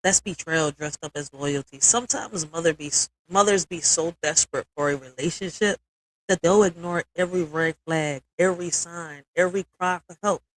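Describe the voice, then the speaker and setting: Hosting a live stream over poor audio, a woman speaks at a moderate pace in a lowish voice, emotional, blunt and cursing a lot. She keeps checking in with "all right?" and her emphatic delivery builds to forceful peaks.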